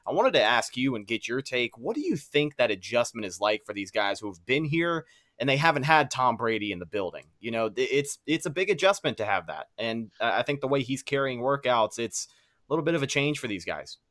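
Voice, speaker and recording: Male co-host, middle pitch, easy conversational delivery, dry sound. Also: sing-song, brisk, a bit bright, dry recording. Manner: conversational, asks questions. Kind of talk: casual sports talk.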